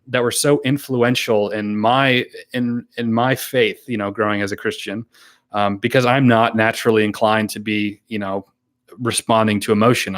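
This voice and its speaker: A man chatting casually on a live stream, rambling with fillers and laughs, and earnestly thanking viewers. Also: lowish voice. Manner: earnest and grateful when thanking donors. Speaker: YouTuber hosting a live stream. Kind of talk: casual live-stream chat, reading and answering viewer comments.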